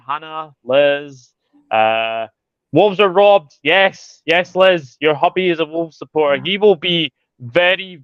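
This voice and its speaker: Male host, casual livestream chat, smooth voice, slightly muffled dry recording. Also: mid-range voice, a bit bright, dry recording. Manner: chatty, greets viewers by name, many fillers. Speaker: football channel host reading live chat.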